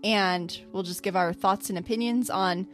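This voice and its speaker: A woman's voice: medium pitch, fairly even intonation, moderate pace. A woman co-hosting a podcast, chatting casually and laughing often as she retells a story. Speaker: podcast co-host. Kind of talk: casual podcast review chat.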